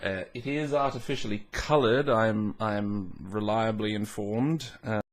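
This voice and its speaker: A man's voice: fairly low pitch, measured pace. Rambling man musing over a tasting. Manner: musing, rambling, self-mocking, with hums and restarts. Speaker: whisky reviewer. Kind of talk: casual tasting vlog.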